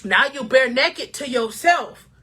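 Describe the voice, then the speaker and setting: Bright high-voiced woman life coach. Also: animated, unhurried, slightly rough. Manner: emotional, preachy, addresses viewers as king or queen. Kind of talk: motivational talk to camera.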